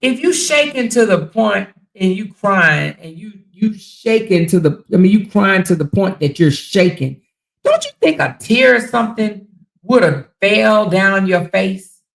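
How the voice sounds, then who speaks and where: A woman hosting a casual livestream, talking straight to her viewers in an animated, incredulous way. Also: medium pitch, a little slow, creaky, poor audio. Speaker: livestream commentary host.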